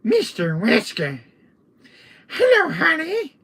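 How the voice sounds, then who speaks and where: A man's voice: wildly swooping pitch, slow, gravelly, sharp tone, heavily acted. A man doing a cooing flirty woman. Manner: cooing, falsetto. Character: flirty, pestering woman who calls everyone honey.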